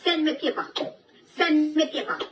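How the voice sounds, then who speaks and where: A woman with a Jamaican accent rants at someone, taunting and cursing as she shouts with mocking laughter. Her voice sits high. The recording carries a lot of background noise. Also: very animated, normal speed, far from the mic. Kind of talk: angry social media rant.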